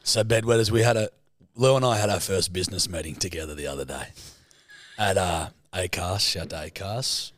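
A man's voice: low-pitched, normal speed, a bit bright, no room sound, clean studio sound. An Australian man co-hosting a podcast, chatting casually with swearing and laughter. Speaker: podcast co-host. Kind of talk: casual chat.

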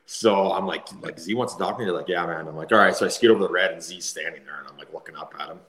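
A man's voice: deep voice, fast talker, fairly bright tone, reverberant. A man in his thirties, a former player and podcast guest, telling stories in a chatty way, laughing often. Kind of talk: casual storytelling.

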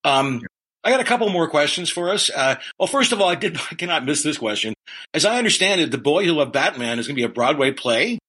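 A male interviewer hosts the conversation, reacting eagerly to his guest. His voice is fairly high, bright and a little husky, with a lively, wide-ranging pitch. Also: fast. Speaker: interviewer, host. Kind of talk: interview questions.

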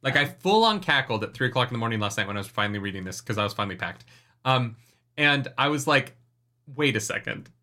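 A man talks in a bright, clear voice at a middle pitch. He co-hosts a casual book podcast, retelling chapters with animated energy and plenty of swearing. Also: fast talker. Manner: animated retelling, swears freely, reads chat comments. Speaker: podcast co-host. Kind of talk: casual chat recapping a book.

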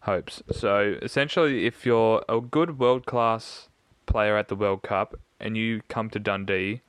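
A man's voice: lowish voice, fairly even intonation, unhurried, clean tone, no echo. A man, giving blunt, emphatic opinions as a podcast co-host in casual sports chat. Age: 20s.

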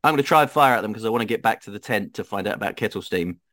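Animated player with a lively, jumping voice. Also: male voice, very fast, no echo. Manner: animated, jumps high in pitch when excited. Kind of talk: playing a tabletop game.

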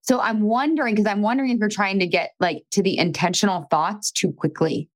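A woman's voice: medium pitch, a little fast. A woman podcast host coaching a listener in a frank, chatty way, swearing casually and filling her talk with "like".

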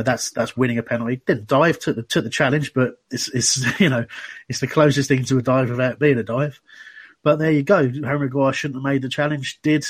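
A man's voice: medium pitch, breathy edge, no echo. A man hosting a casual fan podcast, chatty and full of restarts. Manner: chatty, many restarts and "you know"s. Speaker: podcast host.

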